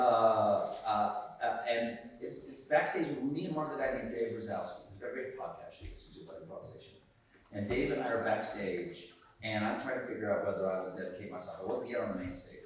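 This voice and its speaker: A man from the United States speaking as a guest, telling a lively anecdote and acting out the scenes, often laughing. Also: fairly low pitch, a little hiss or hum. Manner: lively, laughing storyteller who acts out scenes. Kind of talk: storytelling anecdote on stage. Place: large hall at a student society event. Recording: echoey hall, far from the mic.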